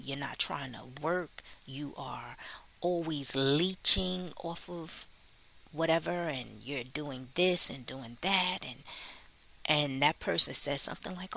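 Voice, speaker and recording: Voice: medium pitch, creaky, bright, forceful tone, slight background noise, poor audio. A true crime commentator in casual spoken commentary, musing and rhetorical, acting out bits of quoted dialogue.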